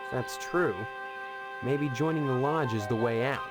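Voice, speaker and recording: A man playing a wary, flat-spoken amnesiac young man in a game. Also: medium pitch, measured pace, over loud music, close to an everyday voice.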